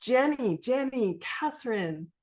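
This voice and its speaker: A woman's voice: on the high side, expressive, takes it slowly, darkish tone. A woman moderating an online book reading over a video call, chatty and encouraging with casual fillers.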